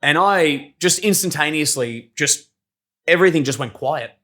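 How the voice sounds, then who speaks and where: A man's voice: on the high side, lively intonation, moderate pace, bright, forceful tone. A young man telling stories casually on a podcast, swearing freely, laughing often and acting out what people said. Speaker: podcast guest, circus performer. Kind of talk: casual storytelling chat.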